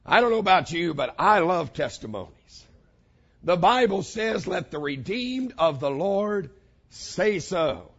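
Animated pastor preaching. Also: male voice, high voice, highs cut off. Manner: animated preaching with dramatic pauses and vivid quoted voices. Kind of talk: sermon.

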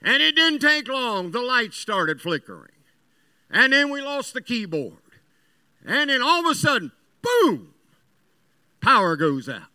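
A man's voice: extremely high pitch, big pitch swings, moderate pace, sharp tone, clean tone, dry recording. A man from West Virginia preaching a sermon, telling folksy stories in an earnest, emphatic way.

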